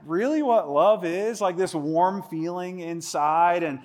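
Conversational pastor with a slightly high voice. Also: male voice. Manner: conversational, animated, quick asides. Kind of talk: sermon.

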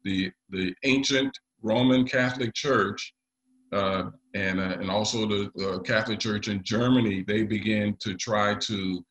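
A man preaching a sermon to his congregation, often pausing with fillers. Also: on the low side, fairly bright tone, low-quality recording. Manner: leads the congregation in call and response; halting, with frequent pauses and fillers. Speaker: pastor.

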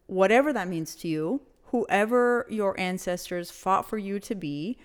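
A young woman with a smooth, lowish voice co-hosts a casual podcast chat. She talks passionately and emphatically, swears freely, and mixes in Spanish words.

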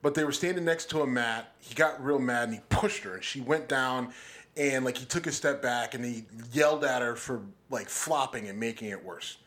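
A man's voice: medium pitch, moderate pace, fairly bright tone. A man co-hosting a podcast in a studio, talking bluntly and with plenty of swearing as he gets heated. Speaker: podcast co-host. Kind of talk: casual chat.

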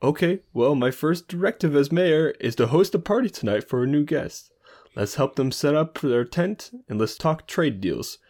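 A man's voice: expressive, normal speed. A man voicing an eager young woman who is a half-elf sorceress and the new mayor of a tabletop game town. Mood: excited. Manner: high, loud, eager and flustered. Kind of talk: playing a character in a tabletop game podcast.

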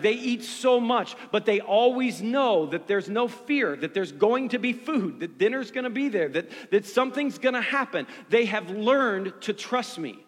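A man's voice: high-pitched, fairly bright tone, in a large hall. A man in his forties preaching a sermon in earnest, building through repeated phrases. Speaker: pastor.

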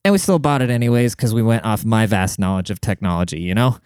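A young man rambling through a casual solo podcast, crude and sarcastic. His voice comes through smooth and clear on a close mic. The room sound is dry, with no echo. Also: lowish voice, quick pace, a little mellow. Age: young adult. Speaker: podcast host. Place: home room with a cat.

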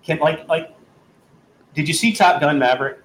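A man's voice: a little high, moderate pace, slight background noise. A man from North Carolina co-hosting a podcast, chatting casually and emphatically, often repeating himself. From American South, North Carolina. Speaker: podcast co-host. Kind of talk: casual chat. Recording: roomy with faint ambience.

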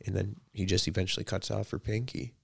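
A man's voice: fairly low pitch, fairly even intonation, fast talker, gravelly, breathy edge, no echo, studio quality. A young man chatting casually as a podcast co-host, teasing and swearing a lot. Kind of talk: casual chat.

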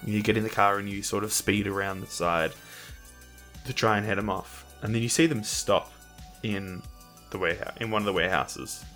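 Game master with a deep voice, steady and vivid narrator, casual delivery. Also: male voice, moderate pace, soft background music.

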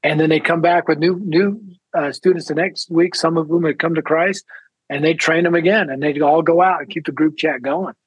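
A man telling a lively story as a guest speaker in an interview. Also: a little high, slightly rough, no echo, rough recording. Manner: energetic storyteller, quick and lively. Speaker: ministry founder and guest speaker.

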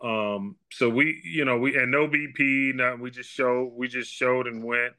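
A man in his fifties, a guest in an interview, telling a story in a relaxed, chatty way and acting out what people said. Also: mid-range voice, moderate pace. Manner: animated storyteller, acts out quoted dialogue. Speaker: guest, baseball scout and former player.

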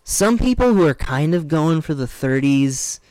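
A young man co-hosts a podcast in easygoing, rambling chat, often drifting into fillers. His pitch swings up and down animatedly. The sound is close and dry, with no room around it. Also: unhurried, no echo. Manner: rambling, relaxed, trails off into fillers. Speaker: podcast co-host. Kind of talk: casual chat.

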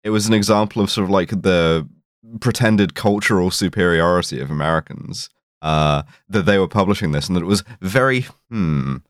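A man co-hosts a podcast with a very low, deep voice and a sardonic, swearing edge. The sound is dry and close to the mic. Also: fairly quick, dry recording. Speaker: podcast co-host. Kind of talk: casual podcast chat.

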